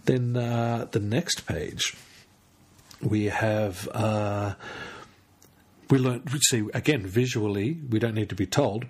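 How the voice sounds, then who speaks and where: Late at night, a tired man hosts a solo podcast, rambling casually, stumbling over words and leaning on fillers. His voice is lowish and slightly rough.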